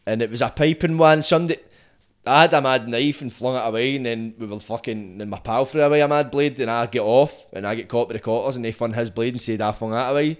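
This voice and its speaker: Young glasgow guy, podcast host, rattles on quick and sweary. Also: mid-range voice, clear, resonant tone. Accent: Glaswegian. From Scotland. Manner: fast, sweary, laughing banter. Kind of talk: casual chat.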